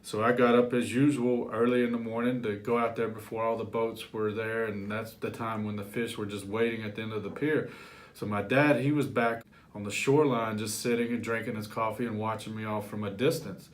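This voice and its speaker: A man working as a life coach, telling a personal story to camera in a lively, animated way. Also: fairly low pitch, a little fast. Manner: animated storyteller, acts out his childhood voice.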